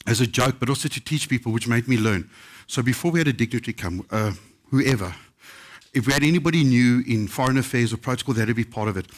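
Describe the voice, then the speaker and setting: At a book festival, a middle-aged South African chef tells funny anecdotes to a live audience in a voice of ordinary middle pitch. His delivery is lively and humorous, and he often switches into other people's voices when quoting them.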